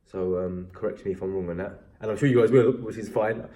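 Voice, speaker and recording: Rambling, mellow-voiced English man. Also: fairly low pitch, fairly quick. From England. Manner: rambling, self-deprecating, animated when excited. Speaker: MMA vlogger. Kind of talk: casual recap chat.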